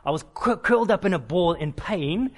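A man preaching a sermon, urging loudly one moment and dropping to a hush the next, with lots of repetition. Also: high voice, animated, normal speed. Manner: impassioned, repetitive, swings between loud urging and hushed softness. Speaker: pastor.

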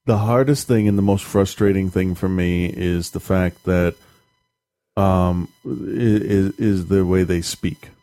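A man talking casually as a podcast co-host and parent, rambling and animated, with some profanity. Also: deep voice, slow. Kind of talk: casual chat.

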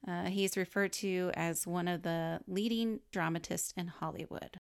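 Woman, podcast co-host, low voice, gravelly fry, chatty, reads from notes, casual talk. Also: fairly even intonation, a little slow. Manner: chatty, laughs often, explains as she goes. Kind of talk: casual chat, reading researched biography notes.

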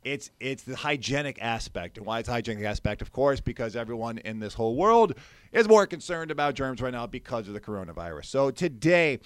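A young man co-hosts a radio talk show, energetic and playfully teasing his partner. He talks at a middling pitch, close on a studio mic with no windscreen. The sound is dry, with no room echo. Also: brisk, clean tone. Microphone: studio microphone without windscreen.

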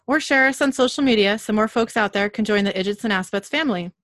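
A woman's voice: mid-range voice, quick pace, fairly bright tone, no room sound. A woman co-hosting a podcast, giving a casual recap of a show's plot and laughing often. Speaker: podcast co-host.

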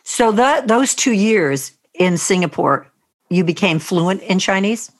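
A woman's voice: medium pitch, expressive, a little slow, dry recording, studio quality. A woman interviewing a guest in a conversation, encouraging her with short affirmations and follow-up questions.

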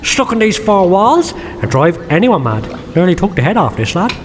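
A man's voice: sits high, very animated, normal speed, a little hiss or hum. A man playing a sly, swearing detective, teasing in a comedy sketch. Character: cheeky, foul-mouthed detective, sly mischief-maker.

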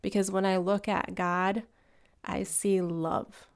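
Even-toned woman with a gravelly edge. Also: mid-range voice, takes it slowly. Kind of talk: faith-based conversation.

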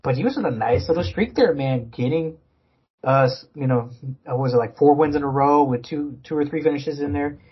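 A man's voice: fairly high pitch, brisk, breathy edge, dull audio. A man co-hosting a casual sports podcast, rambling with many fillers and restarts. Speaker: podcast co-host.

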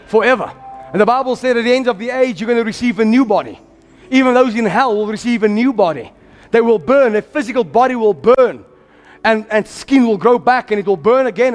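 A man preaching with a very high voice, fervent and exhorting, rising to shouts as he drives his sermon forward. He calls out lines for the congregation to echo back. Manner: calls on the congregation to repeat after him.

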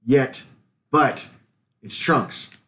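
A man's voice: mid-range voice, extremely slow. A man co-hosting a podcast, talking casually and opinionatedly, often laughing. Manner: opinionated, animated fan talk with laughs. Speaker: podcast co-host. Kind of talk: casual chat.

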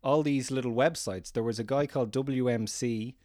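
A man's voice: medium pitch, normal speed, a little mellow, dry recording, clean studio sound. A man chatting casually on a podcast, recalling old fan websites with enthusiasm.

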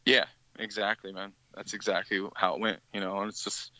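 A man's voice: on the low side, little pitch movement, fairly quick, pushed and bright, dry recording, low-quality recording. A man, a band's guitarist, telling a rambling story in a casual podcast interview, with many restarts. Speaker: musician guest.

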